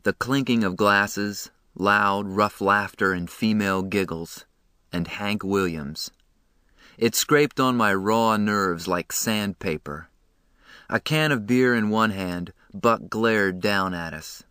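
Man, first-person novel narration, steady storytelling, forceful tone, dry close sound. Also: lowish voice, takes it slowly, clean tone, no echo. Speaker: audiobook narrator.

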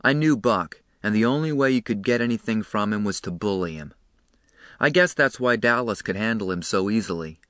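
A man narrating a novel in the first person, steady and storytelling. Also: fairly low pitch, clear, resonant tone, no room sound, clean studio sound. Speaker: audiobook narrator.

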